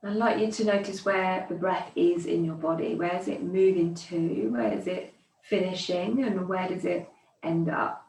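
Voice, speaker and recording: A woman teaching yoga, guiding slow breathing with calm, soothing counting cues. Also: fairly low pitch. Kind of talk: guided breathing instruction. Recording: echoey room, distant mic.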